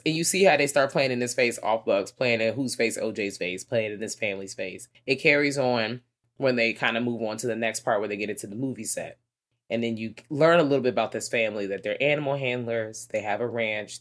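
An excitable co-host chatting through a movie review, rambling and cursing freely. The voice sits at a middle pitch. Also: brisk. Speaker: podcast co-host. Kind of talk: casual movie review chat.

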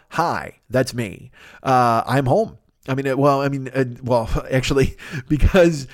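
A man's voice: medium pitch, no room sound, studio quality. A man hosting a solo podcast, rambling and swearing freely as he riffs in a casual monologue. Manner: profane, rambling, riffing with voiced asides. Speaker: podcast host.

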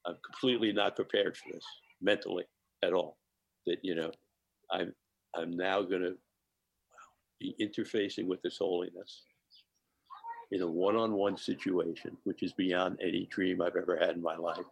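An older man telling animated anecdotes as a podcast guest, often laughing between phrases. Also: deep voice, moderate pace, gravelly, long pauses, slightly rough. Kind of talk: storytelling in a podcast interview.

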